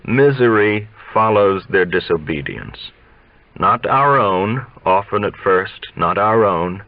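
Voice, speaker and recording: A man reading aloud, voicing a frail old male coach who lectures slowly in a sly, scolding schoolteacher tone. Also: lowish voice, lively intonation, no room sound, phone-quality sound. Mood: solemn.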